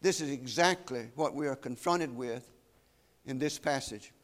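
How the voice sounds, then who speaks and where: A man preaching a sermon, solemn and emphatic, slowing down to weigh key phrases. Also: medium pitch.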